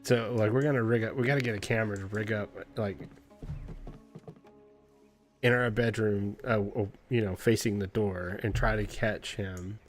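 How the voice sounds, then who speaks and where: A man streamer chatting casually, telling an animated story in a loose, profane way and imitating cat noises. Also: on the low side, moderate pace, faint music behind. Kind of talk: casual chat.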